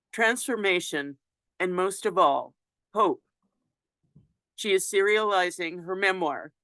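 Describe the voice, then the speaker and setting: Bright, crisp-voiced host. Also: medium pitch, no echo. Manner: clear, measured introductions. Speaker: host introducing authors. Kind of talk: event introduction.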